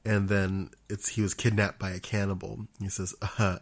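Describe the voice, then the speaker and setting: A man's voice: low voice, level tone, moderate pace, few pauses. A man talking casually about a video game, hesitant, with frequent ums and restarts. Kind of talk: casual chat.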